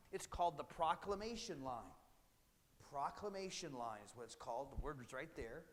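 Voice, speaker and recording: A man's voice: mid-range voice, animated, moderate pace, fairly bright tone, big-room sound. A male history teacher giving a classroom lecture in a conversational way, now and then acting out historical speakers. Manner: conversational, acts out British and colonist voices.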